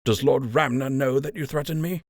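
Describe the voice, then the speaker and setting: A man performs a calm, principled rabbit uncle, sounding earnest, pleading, and indignant. He pitches his mid-range voice slightly above his natural one while staying close to everyday speech, talking fairly quickly in clean, echo-free studio sound.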